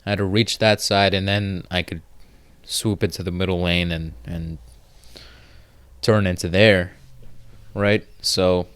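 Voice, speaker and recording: A man hosting his own podcast, talking in a slow, unhurried drawl with a lowish, smooth and clear voice. He rambles through a casual monologue, swears freely and fills his sentences with "uh" and restarts. The sound is close and dry, like a small room with no echo. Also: fairly even intonation, fairly bright tone. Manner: rambling, profane storytelling with many fillers. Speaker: podcast host.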